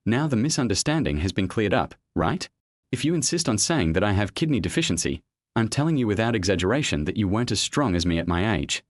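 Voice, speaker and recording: Guy reading smug young fighter dude, teasing, low voice, dry sound. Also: expressive, fast talker, dry recording. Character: cocky young male martial artist, teasing.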